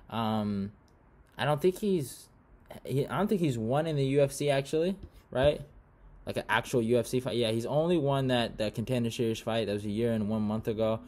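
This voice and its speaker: A man's voice: medium pitch, a little mellow. A man hosting a casual fight-prediction monologue, slangy and profane, saying bro a lot, often breaking into laughter.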